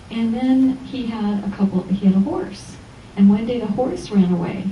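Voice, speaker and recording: A Los Angeles spiritual teacher gives an inspirational Sunday lecture in a church hall, telling animated stories and acting out the voices of the people in them. Her mid-range voice moves at normal speed, captured from far off in an echoey hall on dull audio with a little hiss or hum.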